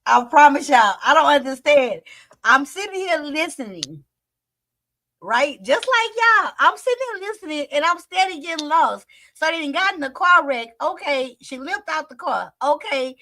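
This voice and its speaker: A woman's voice: high voice, sing-song, moderate pace, bright, forceful tone, a little hiss or hum. A woman hosting a reaction video, chatting casually straight to her viewers and laughing often.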